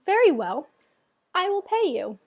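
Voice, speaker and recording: A woman voicing a gentle, patient village priest in a told folk tale, speaking in an instructive way. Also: extremely high pitch, big pitch swings, measured pace, voice pushed up, heavily acted. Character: patient wise village priest, middle-aged man.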